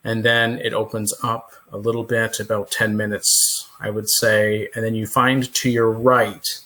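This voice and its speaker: A man's voice: lowish voice, little pitch movement, a little slow, sharp tone. A man running a tabletop game as game master, describing scenes in a laid-back way with loose fillers.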